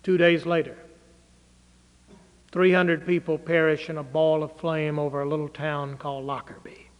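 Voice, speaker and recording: A man preaching a sermon, dramatically swinging between loud declaiming and hushed low phrases. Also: level tone, moderate pace. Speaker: pastor. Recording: reverberant hall.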